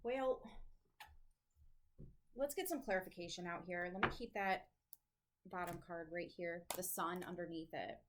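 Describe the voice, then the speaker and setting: A woman's voice: on the low side, a little slow, long pauses, noisy background. A woman giving a casual tarot reading to camera, chatty and thinking aloud, with the odd swear, at home with her dogs nearby. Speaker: tarot reader.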